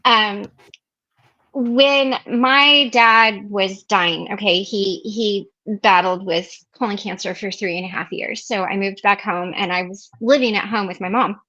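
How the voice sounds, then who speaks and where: A woman's voice: medium pitch, pushed and bright, poor audio. A middle-aged woman hosting a recovery meeting, telling a personal story in a casual, chatty way, with many fillers and restarts, acting out what others said.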